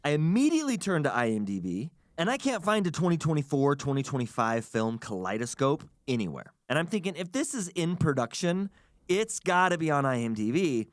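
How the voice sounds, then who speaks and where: A man's voice: a little high, fairly quick, no room sound, clean studio sound. A man from the United States hosting a podcast, telling a long story in a casual, chatty way and acting out the people he quotes. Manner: animated, chatty, acts out quotes. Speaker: podcast host.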